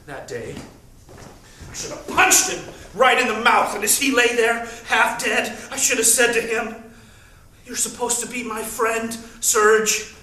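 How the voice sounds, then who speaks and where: A man's voice: very high-pitched, a little slow, few pauses. A man playing a bitter, wounded friend. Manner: bitter, brooding delivery. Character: resentful, wounded man brooding over a friend. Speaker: stage actor. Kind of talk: theatrical monologue. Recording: echoey stage from far off.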